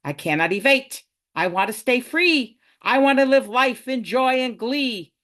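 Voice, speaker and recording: A woman's voice: on the high side, lively intonation, unhurried, fairly bright tone. A woman poet reading a wry, ranting rhymed poem over a video call. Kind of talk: rhyming poetry reading.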